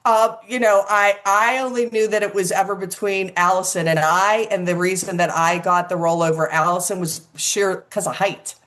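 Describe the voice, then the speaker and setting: An older woman, an actress, telling lively casual stories in an interview and acting out the quotes. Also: medium pitch, normal speed, few pauses. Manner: animated storyteller, acts out quotes, swears casually.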